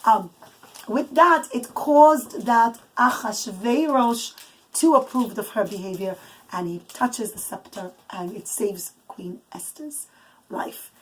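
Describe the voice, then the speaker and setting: A high-pitched woman telling a bedtime story to children. She acts it out with puppets and breaks off now and then to settle the little ones before going on. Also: slow pace, a little hiss or hum, low-quality recording.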